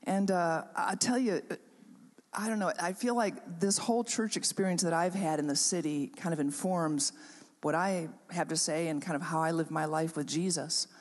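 A woman's voice: fairly low pitch, steady tone, normal speed. A woman pastor telling a story in a sermon, talking conversationally with many fillers and restarts. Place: chapel hall. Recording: long reverb of a chapel hall.

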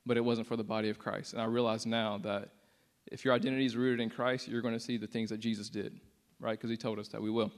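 A man's voice: on the low side, flat delivery, fast talker. A young man shares a personal testimony with a church audience in a loose, conversational way. He is earnest and unpolished, full of fillers, and he leans hard into the words he quotes. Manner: casual and earnest, many "like" fillers, acts out quotes with rising intensity. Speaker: speaker sharing a testimony.

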